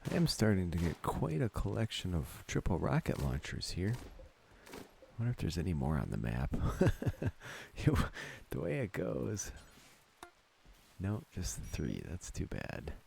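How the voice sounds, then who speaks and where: A man's voice: low-pitched, vocal fry, a little mellow, a little hiss or hum. A man from Wisconsin giving casual gameplay commentary, thinking aloud and chuckling often. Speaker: let's play gamer.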